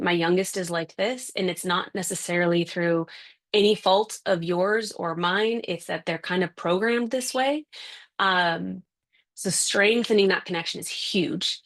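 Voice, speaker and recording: Low, gravelly-voiced woman parenting coach. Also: fairly bright tone. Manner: chatty, acts out scenes with voices. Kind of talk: casual interview answer. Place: home with kids and a dog nearby.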